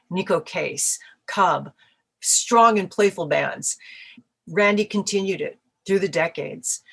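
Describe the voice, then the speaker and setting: Animated middle-aged woman telling stories. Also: fairly low pitch. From Canada. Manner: animated storyteller, acts out quoted voices. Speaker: musician guest. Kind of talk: casual interview answers.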